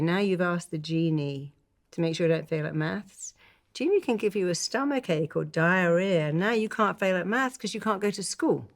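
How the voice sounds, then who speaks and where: Older woman therapist guest, low gravelly voice, animated storyteller who acts out quotes. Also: normal speed. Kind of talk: conversational interview.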